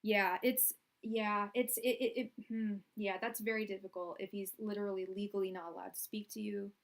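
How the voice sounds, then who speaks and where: A woman's voice: mid-range voice, little pitch movement, moderate pace. A young woman doing a live tarot reading, chatty and rambling, full of fillers and restarts, projecting her voice. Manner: projecting loudly so the audio carries. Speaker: tarot reader.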